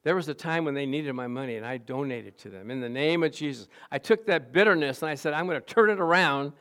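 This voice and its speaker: Animated, higher-voiced male pastor preaching. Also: fast. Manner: animated storytelling with laughs, rising to loud exclamations. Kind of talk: sermon.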